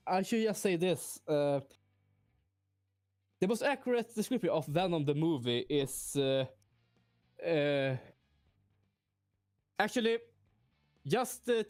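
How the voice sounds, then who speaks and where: A man's voice: on the high side, no room sound, clean studio sound. A man co-hosting a podcast in casual chat, playful and teasing. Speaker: podcast co-host.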